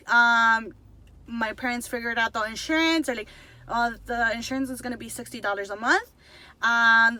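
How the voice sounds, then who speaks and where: A young woman in her twenties telling a story to the camera, chatty and fast, slipping between Spanish and English. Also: high voice, bright, forceful tone, no room sound. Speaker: vlogger.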